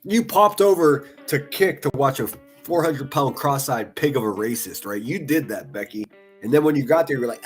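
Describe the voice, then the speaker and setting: A man's voice: fairly high pitch, sing-song, normal speed, soft background music. A man giving profane, taunting live-stream commentary, laughing often as he mocks. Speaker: livestream commentator.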